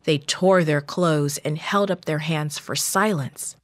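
A woman reading a Bible story for children in a slow, measured, gentle manner. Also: low voice, no echo.

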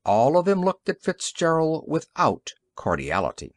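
A man narrating an audiobook story in an expressive, varied reading. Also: fairly high pitch, normal speed, few pauses, no echo. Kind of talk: scripted narration.

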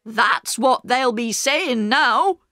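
A woman voicing a proud, poor working man who speaks slowly and stubbornly, in a storybook reading. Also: fairly high pitch, lively intonation, bright, forceful tone, dry recording, clean studio sound, pitched above the performer's own voice, exaggerated voice. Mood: angry. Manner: slow, stubborn, heavy emphasis.

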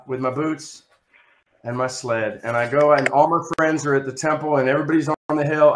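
A man telling a rambling, self-mocking comic story over a video call, acting out other people with big shouts. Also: mid-range voice, reverberant, slight background noise, poor audio. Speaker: storyteller on a comedy show.

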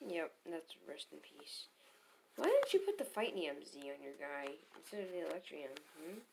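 A woman casually commentating her own game battles, muttering to herself and bursting into loud cheers. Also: low voice, huge pitch swings, moderate pace, vocal fry, slight background noise.

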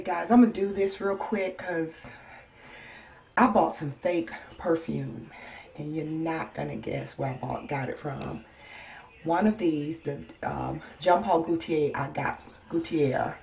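A weary woman in pain giving a casual personal health update as a vlogger at home, soft-spoken and halting, with many ums and sighs. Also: low-pitched, gravelly. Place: home, indoors.

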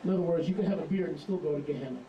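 A man's voice: fairly high pitch, very fast, a little hiss or hum. Emphatic male preacher in an echoing hall. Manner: animated, storytelling, emphatic. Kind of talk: sermon. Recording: distant, roomy, dull hall recording.

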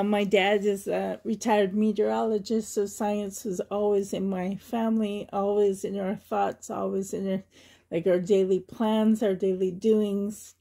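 A woman's voice: medium pitch, vocal fry, dark tone. A woman from Canada vlogging in a chatty, rambling way, often laughing and getting emotional. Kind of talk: casual chatty tag video.

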